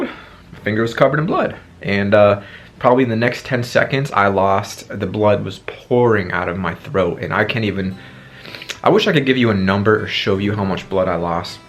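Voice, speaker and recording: A man in his twenties telling a dramatic personal story on his vlog, acting out his own past lines, with a sore throat. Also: lowish voice. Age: 20s. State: sore throat after tonsil surgery. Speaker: vlogger.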